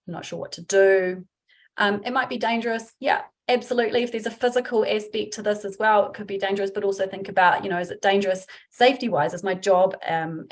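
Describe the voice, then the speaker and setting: A woman giving a webinar talk as a workplace trainer, chatty and informal, acting out example phrases. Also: medium pitch. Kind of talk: webinar presentation.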